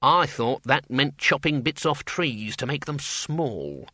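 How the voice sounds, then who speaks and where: A man's voice: medium pitch, lively intonation, slow, pushed and bright, no room sound, exaggerated voice. A man voicing a nervous, pedantic old male wizard, the senior wrangler, in a storybook reading. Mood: incredulous.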